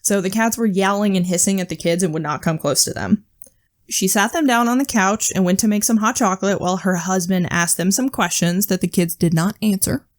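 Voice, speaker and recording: A woman's voice: mid-range voice, fairly quick. A woman co-hosting a podcast, telling creepy stories in a casual way, with frequent swearing and nervous laughs. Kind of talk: casual storytelling chat.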